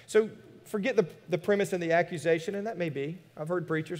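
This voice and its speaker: Male pastor, high voice, animated sermon delivery with rhetorical questions, long church reverb. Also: fairly quick. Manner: animated, rhetorical questions, shifts between loud emphasis and quiet asides. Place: church sanctuary.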